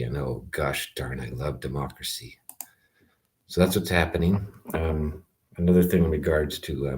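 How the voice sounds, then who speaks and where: A man's voice: extremely low pitch, darkish tone. A man from Canada, ranting to the camera in a rambling, sarcastic way, breaking off and restarting his thoughts. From Calgary, Canada. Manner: rambling, sarcastic, self-interrupting with fillers. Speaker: vlogger. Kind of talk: rambling direct-to-camera rant.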